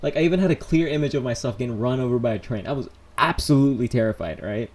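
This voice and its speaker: A young man telling stories on a casual live stream, rambling and animated, full of fillers and restarts. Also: mid-range voice, fast. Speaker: vlogger.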